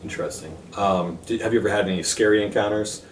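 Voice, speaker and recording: A man hosting an interview, asking questions and giving brief, low-key reactions. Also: fast talker, slight background noise. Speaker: interviewer host.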